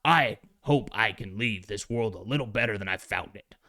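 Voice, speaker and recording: A man's voice: lowish voice, normal speed, sharp tone, no echo. A man voicing a folksy, rock-skinned superhero with a mock Southern drawl, reading a comic aloud.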